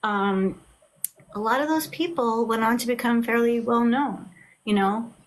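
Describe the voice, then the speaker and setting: Animated New woman telling stories. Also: a little high, measured pace. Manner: animated storyteller, acts out quotes. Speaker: author guest. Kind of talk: casual video chat.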